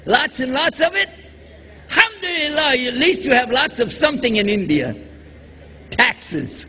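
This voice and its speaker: A high, lively voice rolls out slowly as a man preaches to a crowd. He cracks jokes and fires questions at his listeners. The sound carries a long hall reverb with faint background noise. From Texas. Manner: jokey, quizzes the audience. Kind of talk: religious lecture to a live audience.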